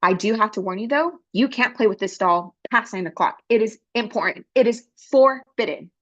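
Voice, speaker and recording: A woman's voice: medium pitch, lively intonation, normal speed, fairly bright tone, muffled recording. A woman doing a nervous shopkeeper issuing warnings. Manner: earnest, insistent warning.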